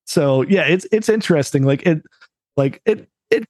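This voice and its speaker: A man's voice: fairly high pitch, expressive, normal speed, darkish tone, no room sound. Rambling man in casual podcast chat. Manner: rambling, heavy use of "like" and "uh". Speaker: podcast co-host.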